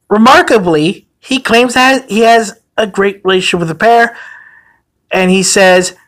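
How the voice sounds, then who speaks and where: A man's voice: sits high, a bit bright, low-quality recording. Indignant ranting man. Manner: indignant, profane, repeats and restarts phrases. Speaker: commentary video host. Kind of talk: ranting online commentary.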